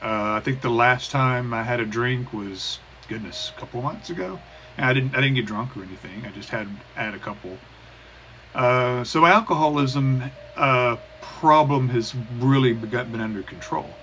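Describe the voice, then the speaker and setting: A man in his thirties talking haltingly in a personal recovery vlog, with many restarts and fillers. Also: medium pitch, a bit bright. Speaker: vlogger. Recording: poor cheap-mic sound with faint hiss.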